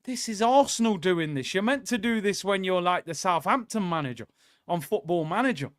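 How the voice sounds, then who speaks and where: A young man hosting a live football watchalong, reacting excitably and joking with viewers. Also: sits high, brisk, clean tone, no echo, clean studio sound. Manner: excitable, jokey banter with viewers. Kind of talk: live match watchalong commentary.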